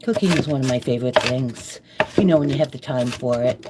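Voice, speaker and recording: A middle-aged woman with a bass voice speaks a little fast while cooking live in her home kitchen. The live-stream cooking vlogger rambles in a casual, friendly way with her audience, and chopping and kitchen clicks run beneath the voice.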